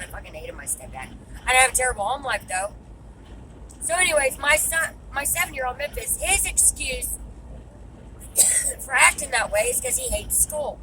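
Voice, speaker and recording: A woman's voice: sits high, noisy background. A woman, venting to camera in a blunt, exasperated way and swearing freely. She sounds frustrated. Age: 30s. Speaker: vlogger and mother.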